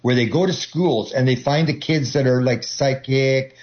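A man's voice: mid-range voice, normal speed, highs cut off. A man talking as a guest in a rambling, conversational way, restarting often and acting out quotes. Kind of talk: conversational explanation.

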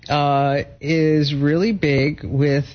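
A man hosting a call-in radio show, chatty and quick to laugh, giving advice to callers and reading ads. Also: fairly high pitch, little pitch movement. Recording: dull broadcast audio.

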